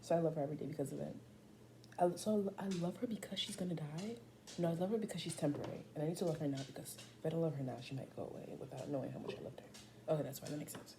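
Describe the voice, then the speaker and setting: A deep-voiced woman talks very fast over background noise. At eighteen, she vlogs casually to camera, telling animated stories thick with profanity and slangy asides.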